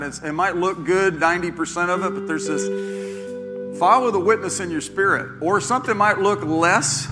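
A man's voice: high voice, moderate pace, in a large hall, music in the background. An older man preaching a sermon as pastor, folksy and joking, often repeating himself. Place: church sanctuary.

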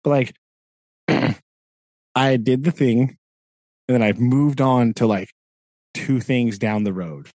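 A man's voice: mid-range voice, takes it slowly, pauses often, darkish tone, no echo. A man co-hosting a podcast, venting in a rambling casual chat full of fillers and laughs. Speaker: podcast co-host.

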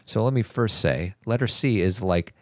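A man in his forties co-hosting a casual podcast chat, reflective and relaxed, reading quiz options aloud. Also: lowish voice, normal speed, dry recording, clean studio sound. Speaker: podcast co-host.

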